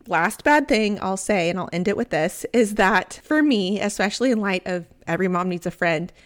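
A Southern American woman in her thirties hosts a solo podcast. She tells stories in a chatty, candid way, and her voice sits at an ordinary middle pitch for a woman. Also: moderate pace. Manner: chatty, candid, animated storytelling. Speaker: podcast host. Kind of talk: casual solo podcast talk.

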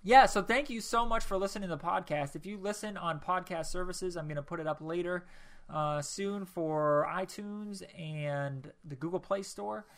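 A man's voice: high voice, normal speed, fairly bright tone. A young man hosting his own podcast alone, rambling casually with lots of ums and jokes at his own expense. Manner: rambling and self-deprecating, with many ums. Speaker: podcast host.

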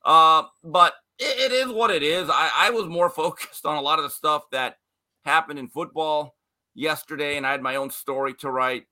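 A male sports writer giving opinionated commentary on a talk show, talking in quick bursts. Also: on the high side, sharp tone. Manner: opinionated, fast bursts, quoting others in put-on voices.

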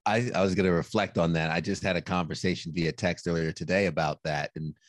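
A male podcast host with a low voice, reflecting in a measured way. The recording is dry and close. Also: steady tone, no room sound. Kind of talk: podcast conversation.

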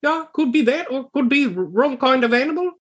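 Man doing a squeaky folksy old woman. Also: animated, normal speed. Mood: musing. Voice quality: high, clipped slangy speech.

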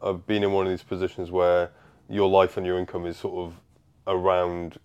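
A man's voice: sits low, flat delivery, moderate pace, clear, resonant tone, highs cut off. A man chatting as a guest on a casual podcast, easygoing and swearing now and then.

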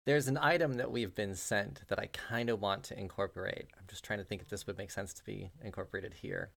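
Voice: sits low, fairly even intonation, brisk, creaky, a bit bright. A game master narrating a tabletop game in a playful, giggly way.

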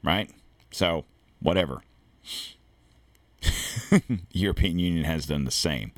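A deep-voiced American man hosts a political commentary podcast. He reads an article aloud and stops to add blunt, cursing asides of his own. The sound is dry and close. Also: slow pace, no echo. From United States. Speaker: podcast host. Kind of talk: opinionated commentary reading an article.

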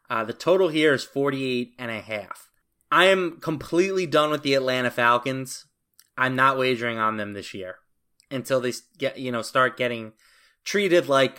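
Guy cohosting a betting podcast, bright punchy voice, talks picks quick n sure. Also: mid-range voice. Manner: confident, brisk picks talk with casual fillers. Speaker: podcast co-host. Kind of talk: sports betting podcast chat.

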